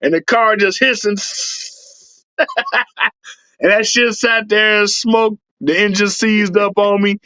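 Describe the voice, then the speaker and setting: A man telling long stories in casual, profane talk. He is animated and keeps breaking into shouts and laughs. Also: high-pitched, takes it slowly, long pauses, clean tone, no room sound, lo-fi sound. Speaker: podcast guest, superfan. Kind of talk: casual storytelling.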